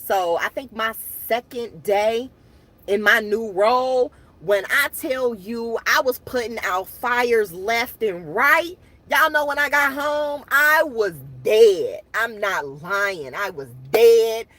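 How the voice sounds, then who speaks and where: A woman's voice: mid-range voice, fairly bright tone. A woman hosting her own channel, chatting casually and animatedly to viewers, laughing often. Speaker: channel host.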